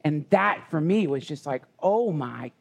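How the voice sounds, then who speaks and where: This podcast guest speaks in a raised pitch with a rough, gravelly edge, recounting something deeply personal at a live retreat session. He is expressive yet rambling, stopping and restarting and looping back over his own phrases.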